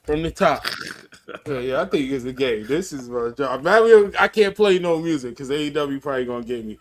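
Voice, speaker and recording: A man's voice: medium pitch, lively intonation, brisk. A man in his thirties hosting a casual watch-along, talking in slang and breaking into helpless laughter. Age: 30s. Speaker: host.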